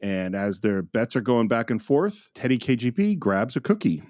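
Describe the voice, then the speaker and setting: A male podcast co-host talks about a film in a casual, enthusiastic way. His voice is animated and rises and falls freely. The close mic keeps the sound dry. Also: mid-range voice, moderate pace, no echo.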